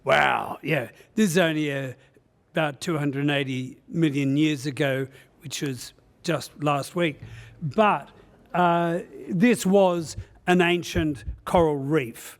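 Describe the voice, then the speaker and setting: A man's voice: a little high, slow. A man giving a conference presentation, joking and rambling with many "uh" fillers. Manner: humorous, rambling storyteller with frequent "uh" fillers. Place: conference session room.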